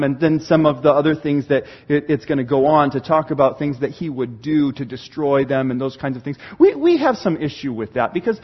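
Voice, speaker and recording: High-voiced man preaching a sermon. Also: slightly rough, lo-fi sound. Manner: animated, rhetorical questions, swings between hushed and loud. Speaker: pastor.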